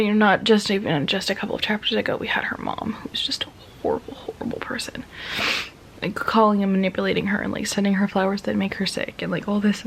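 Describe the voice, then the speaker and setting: A woman with a medium-pitched voice and vocal fry gushes tearfully about a romance novel she loves in a casual book review vlog, packing in fillers and dropping into whispered asides. A little hiss or hum runs under the audio.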